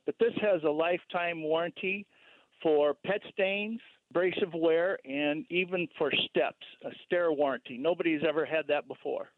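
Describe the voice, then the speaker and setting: A man's voice: fairly high pitch, dry recording. Man on a tinny phone line. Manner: halting salesman, fillers. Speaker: store owner. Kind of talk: phone-in ad segment.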